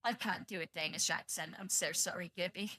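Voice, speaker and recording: A woman's voice: on the low side, fairly quick, bright, forceful tone. A young British woman streaming live, chatting to viewers in a blunt, profane, rambling way and sounding tired. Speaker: livestreamer.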